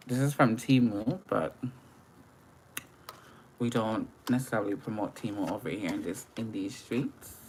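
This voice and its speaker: Young female makeup streamer with a very low voice and an unhurried, playful, chatty delivery; she greets viewers by name. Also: a little hiss or hum. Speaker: makeup livestreamer. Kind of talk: live makeup tutorial chat.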